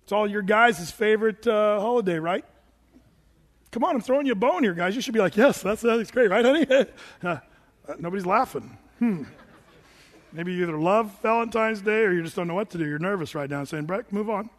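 Male pastor, high voice, emphatic sermon delivery, big echoing hall. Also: a little fast. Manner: animated, emphatic preaching with quoted asides. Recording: long hall reverb.

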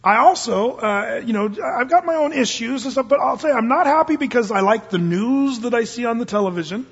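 A man's voice: extremely high pitch, animated, a little fast, breathy edge. An older man, a pastor, preaching a sermon in a casual, earnest way that rises suddenly into emphatic bursts. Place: church service. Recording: dull, long-reverb church recording.

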